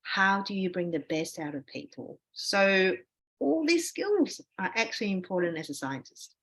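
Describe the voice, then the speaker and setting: A woman professor as a podcast guest, giving reflective advice in a relaxed conversational way, often saying "you know". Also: medium pitch, normal speed. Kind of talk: conversational interview answers.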